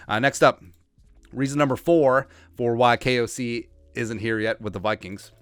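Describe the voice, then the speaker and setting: A man hosting a sports podcast, riffing in a joking, rambling way and putting on quick mock voices for the people he talks about. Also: mid-range voice, a bit bright, dry recording. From Asian heritage, Minnesota fan. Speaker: podcast host. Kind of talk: comedic sports commentary.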